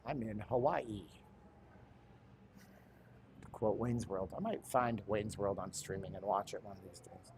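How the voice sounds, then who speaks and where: A man's voice: fairly low pitch, darkish tone, slight background noise. A middle-aged man giving chatty, rambling live commentary while walking indoors, with jokey asides. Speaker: livestream host.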